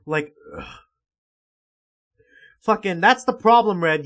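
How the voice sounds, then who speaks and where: A man streaming as he reads a webcomic aloud, reacting excitably and swearing often. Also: on the high side, normal speed. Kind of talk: casual livestream reading commentary.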